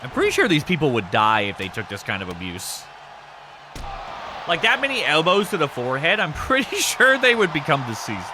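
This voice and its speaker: Lively man commentating a wrestling game stream. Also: fairly high pitch, a little fast, noisy background. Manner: animated, laughing, swearing, chatting with viewers. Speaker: stream host and match commentator. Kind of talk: casual live-stream commentary.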